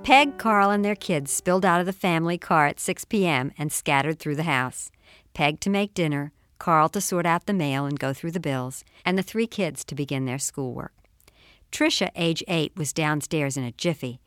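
A woman host telling a scripted family scene in an animated, storytelling way. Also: low-pitched, normal speed, dry recording, studio quality. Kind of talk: scripted narration.

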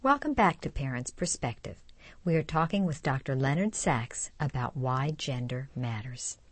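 Low-voiced woman hosting a radio show. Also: lively intonation, normal speed, breathy edge, soft background music.

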